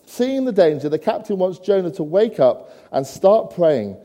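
A man delivers a sermon with a high, mellow voice that rings out through a church with a long reverb tail. He breaks his preaching with humorous asides and keeps putting rhetorical questions to his listeners. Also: expressive, normal speed.

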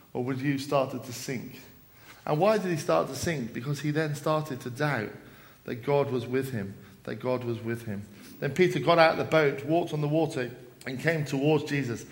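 A man giving an evening sermon at a church service, retelling a story with dramatic rises and falls and quoted lines. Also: on the high side. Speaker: preacher.

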